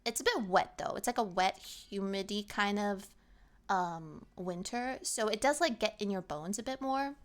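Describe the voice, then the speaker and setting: A young woman streamer chatting casually with her chat, lively and animated, sometimes acting out what people say. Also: medium pitch, creaky.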